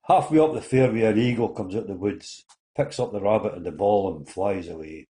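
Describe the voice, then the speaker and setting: An older Scottish man spinning one joke after another in a relaxed, folksy way, popping into small voices for each character. His voice is low and dark, with a warm, mellow tone. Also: brisk. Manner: folksy storyteller doing little character voices. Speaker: comedian telling jokes. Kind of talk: seated joke telling.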